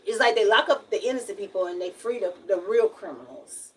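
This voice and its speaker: A woman's voice: medium pitch, brisk, recorded from a distance, a little hiss or hum, poor audio. A young woman with a Southern US accent, from Alabama, talking frankly and at length in a casual livestream. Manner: frank, rambling, emphatic.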